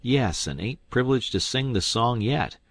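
A man voicing a sly middle-aged male swindler in an audiobook, talking in a slow, sardonic drawl. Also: medium pitch, animated, no room sound, voice pushed up. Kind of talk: audiobook character voice.

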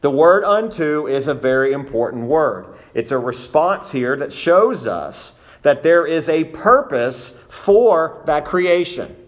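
A man's voice: fairly high pitch, animated. Emphatic man preaching a sermon. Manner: measured, emphatic expository preaching with slowed stressed phrases.

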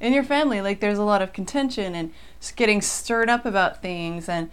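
Woman, scripture study co-host, calm, conversational, medium pitch. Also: brisk, clear, resonant tone. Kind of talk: casual scripture study chat.

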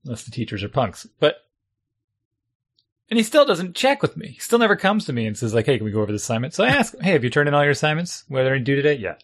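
A middle-aged man in casual chat, a parent venting about homework in an exasperated, animated way. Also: fairly high pitch, racing.

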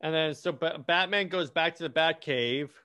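Guy retelling a comic plot, kinda high voice, keeps restarting his sentences. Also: normal speed, pushed and bright, smooth. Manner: rambling, many restarts and false starts. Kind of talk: casual comic plot recap.

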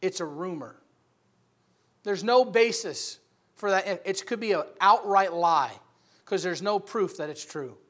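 High-voiced emphatic man preaching. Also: unhurried. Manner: emphatic, rising loud for key points. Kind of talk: sermon.

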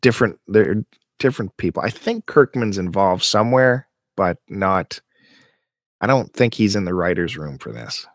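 In a casual podcast chat, a male co-host with a fairly low voice talks easily at normal speed. He sometimes breaks into animated, exasperated rants, and the recording is dry and close-miked.

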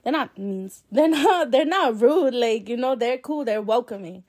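A woman's voice: on the high side, animated, measured pace, a little mellow. Chatty young woman telling a story. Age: young adult. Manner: candid and chatty, many fillers and swearing. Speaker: podcast host. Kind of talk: casual storytelling. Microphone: solo podcast mic.

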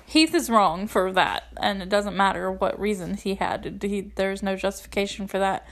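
A woman's voice: mid-range voice, moderate pace, vocal fry, fairly bright tone. Giggly rambling young woman recapping a movie. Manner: rambling, giggly, lots of "like" fillers. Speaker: movie reviewer. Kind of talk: casual chatty movie recap.

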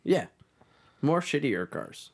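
A man's voice: a little high, sing-song, slow, husky. A man co-hosting a podcast, blunt and dismissive, swearing casually as he runs the topics. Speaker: podcast co-host. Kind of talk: casual crude banter.

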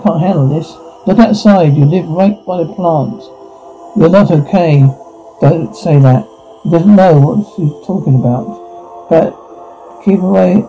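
A man reading a whole drama script aloud in a flat, stumbling way, with restarts, sound cues included. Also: fairly high pitch, measured pace. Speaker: reader voicing a whole drama. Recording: dull lo-fi recording with faint music.

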